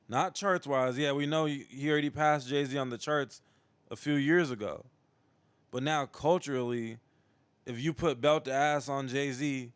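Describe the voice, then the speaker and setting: A man hosting a livestream show, giving casual commentary in a relaxed, hesitant way with many restarts. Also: mid-range voice, clear, resonant tone, no echo.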